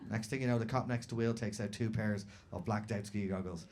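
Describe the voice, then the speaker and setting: Brash, profane comedian. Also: male voice, fairly low pitch, steady tone, a little fast, very noisy. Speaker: stand-up comedian. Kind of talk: stand-up storytelling. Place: comedy venue stage. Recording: stand-up set with loud crowd laughter. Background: audience laughter.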